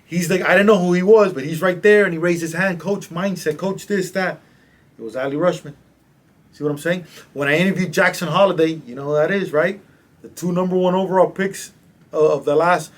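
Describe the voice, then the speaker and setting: A man, a coach, casually telling stories as a podcast guest, animated and slangy. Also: high voice, brisk. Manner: animated, slangy, acts out quotes. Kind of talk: casual storytelling in a podcast interview.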